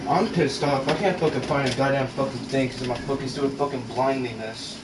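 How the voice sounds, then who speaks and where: Speaking fairly quickly at a medium pitch, this man rants to camera for his gaming channel vlog, exasperated and frustrated and cursing nonstop. He's in his bedroom at home, and the audio is roomy and distant from the mic with background noise.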